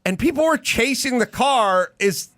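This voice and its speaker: A man's voice: very high voice, animated, unhurried, fairly bright tone, no echo, studio quality. A man hosting a podcast, telling a story in casual chat with outraged emphasis. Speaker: podcast host.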